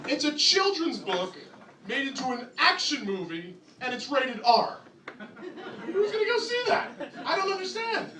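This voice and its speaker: A man's voice: very high-pitched, recorded from a distance, very noisy. A young man from New Jersey with a New Jersey accent doing a crude, sarcastic stand-up comedy set, jumping into mock voices. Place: comedy club with a laughing audience. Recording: echoey club recorded from afar, crowd laughter.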